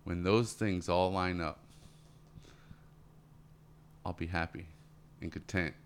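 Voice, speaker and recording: A man with a fairly low voice speaks in easy, earnest conversation. He sounds motivational and repeats himself as he builds a point. He keeps it loose with an occasional "man". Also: fairly even intonation, slow, slight background noise. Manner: acts out quoted voices in a higher pitch. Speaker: podcast guest. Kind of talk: casual conversation.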